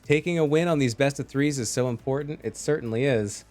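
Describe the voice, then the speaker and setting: A man's voice: medium pitch, fairly quick, darkish tone, faint music behind. A man casting a live esports match, chatty and joking as he reads out chat messages. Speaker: esports caster.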